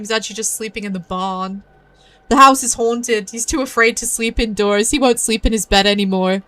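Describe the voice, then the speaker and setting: Playing a mystery game, a VTuber streamer chats playfully through her gameplay, tossing in giggly asides. Her medium-pitched voice sounds pushed and bright, at a moderate pace.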